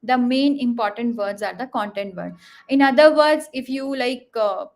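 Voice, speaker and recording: A woman's voice: a little high, moderate pace, a little mellow. A woman speaking as a guest on a leadership panel, explaining communication techniques with frequent fillers and spoken examples.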